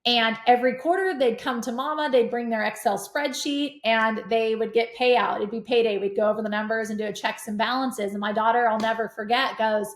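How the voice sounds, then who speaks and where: Energetic middle-aged woman, roomy sound. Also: fairly high pitch, a little fast, hardly any pauses. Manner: energetic, animated storyteller. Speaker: podcast guest, real estate investor. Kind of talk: casual conversation. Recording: roomy echo.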